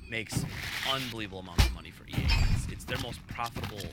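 A man's voice: on the low side, fast, over loud music. A man hosting a casual live-streamed podcast, rambling with lots of fillers and chuckling asides. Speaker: podcast host. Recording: loud clicking noise behind the voice.

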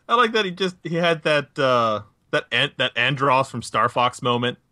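A man's voice: mid-range voice, moderate pace, sharp tone, no room sound, clean studio sound. A young man co-hosting a podcast in casual chat, musing aloud, laughing easily and correcting himself mid-thought. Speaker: podcast co-host.

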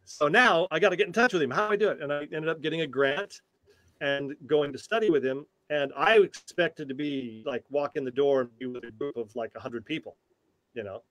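Older male tai chi teacher, animated storyteller with many restarts, dry close sound. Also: fairly high pitch, no echo. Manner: animated, halting, with frequent restarts. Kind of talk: storytelling in a conversational interview.

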